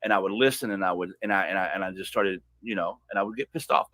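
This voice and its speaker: A man on a podcast telling a personal story in a heated, profane way, swinging from loud outbursts to hushed asides. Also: low voice, fast, dry recording. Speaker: podcast guest.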